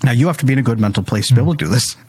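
Husky-voiced man, lively storyteller, casual podcast guest. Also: medium pitch, very fast. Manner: animated storyteller acting out dialogue with his kids. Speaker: guest parenting speaker.

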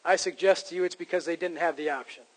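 A man's voice: on the high side, steady tone, fast, low-quality recording. A man preaching a sermon to his congregation, in a conversational style that rises to emphatic points. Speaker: pastor.

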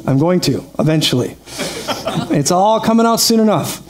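A man preaching a lively sermon, energetic and quick to laugh, calling out praise to his congregation. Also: sits high. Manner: energetic, laughs often, calls out "praise God". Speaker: pastor.

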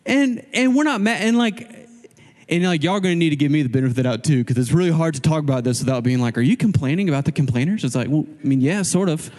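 A male pastor preaching a sermon in a casual, animated way, acting out quoted voices as he goes. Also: fairly high pitch, quick pace, big-room sound.

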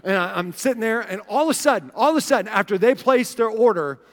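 High-voiced animated male pastor. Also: quick pace, in a large hall. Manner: animated, chatty, keeps checking in with "right?". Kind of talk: storytelling sermon.

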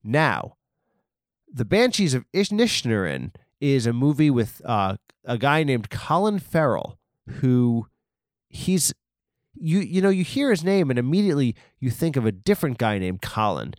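A man's voice: big pitch swings, normal speed, no room sound. Guy rambling through a comedy bit, bouncy voice, dry close sound. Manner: digressive, rambling, mock arguments with himself; bursts into loud high sung shouts.

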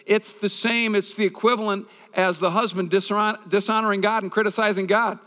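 A man's voice: sits high, steady tone, a little fast, bright, forceful tone, in a large hall. A male pastor preaching a conversational sermon, mixing scripture reading with personal stories.

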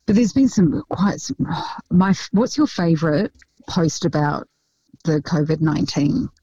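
A chatty woman talking casually with a mellow, dark tone, laughing easily as she tells stories. Her voice sits close and dry, with a slightly dull, muffled sound. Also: low-pitched, unhurried, slightly rough, no room sound. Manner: chatty, laughs often, animated storytelling. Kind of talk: casual chat.

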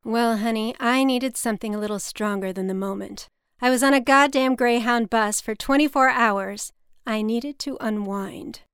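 A woman voicing a brash, blunt, paranoid middle-aged mother with a brassy, loud delivery. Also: a little high, moderate pace, clear, resonant tone, dry recording, studio quality.

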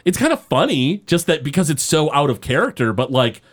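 A man recapping a cartoon episode in casual podcast chat, rambling and halting with many fillers. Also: fairly high pitch, sing-song.

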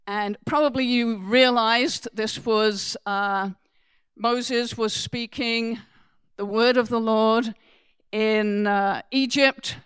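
An earnest woman preaching a sermon, her voice fairly high, smooth and clear. She talks slowly and with emphasis, dropping into soft asides and then rising to loud exclamations. The sound is close and dry. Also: dry recording. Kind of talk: sermon with scripture readings.

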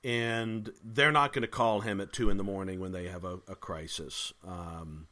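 Bright-voiced, wry male pastor. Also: sits low, fairly even intonation, normal speed. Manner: thoughtful, wry, many restarts. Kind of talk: casual conversation between pastors.

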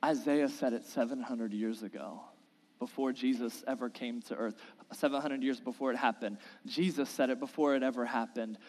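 A man's voice: medium pitch, steady tone, normal speed, darkish tone. A male pastor preaching a sermon, reading scripture aloud and pleading earnestly, his voice rising into impassioned appeals. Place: church sanctuary. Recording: long reverb of a large church hall.

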